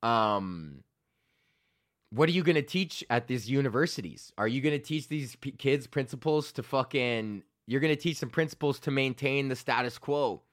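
With a medium-pitched voice, lively intonation and a moderate pace, a young man hosts a podcast. His casual monologue is a rambling, foul-mouthed rant, broken up by frequent laughs at his own expense.

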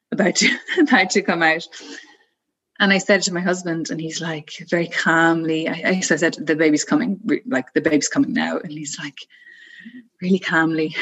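Chatty woman telling a story, low-pitched. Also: rough recording. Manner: relaxed, chatty, frequent "like" and "you know", laughs often. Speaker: guest telling her birth story. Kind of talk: casual storytelling interview.

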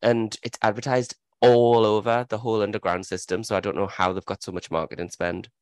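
A man co-hosting a podcast in casual, excitable chat and swearing freely. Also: lowish voice, fairly quick, dry recording. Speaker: podcast co-host.

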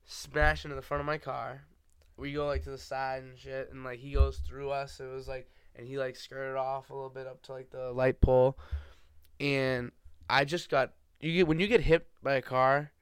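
A young man hosting a podcast, chatting casually and telling an animated story, swearing freely and acting out other people's voices. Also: medium pitch, moderate pace, smooth, no room sound. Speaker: podcast host. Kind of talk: casual chat.

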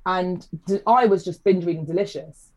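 A woman, a food writer chatting on a podcast and telling family stories in a lively way. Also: lowish voice, normal speed, dull audio. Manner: chatty storyteller, animated quoting. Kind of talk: casual chat.

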